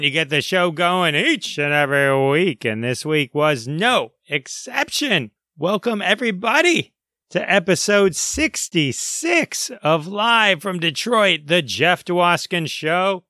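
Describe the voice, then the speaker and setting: A man's voice: high voice, animated, slow, bright, forceful tone, dry recording. A man hosting a podcast, reading a jokey, upbeat introduction into a close mic. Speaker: podcast host.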